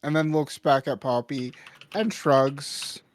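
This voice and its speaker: A man narrating a tabletop game as game master, calm and matter-of-fact. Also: medium pitch, takes it slowly, a little hiss or hum.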